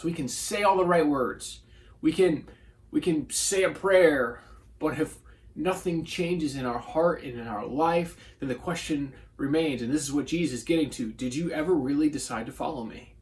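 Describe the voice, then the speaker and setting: Earnest higher-voiced male pastor. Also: normal speed. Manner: earnest, conversational preaching with acted quotes. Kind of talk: short devotional sermon.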